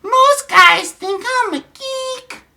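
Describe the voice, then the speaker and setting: A man doing a squeaky teenage girl. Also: gravelly, bright, forceful tone, full character voice. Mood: bubbly. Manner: shrill, squealing, drawn-out.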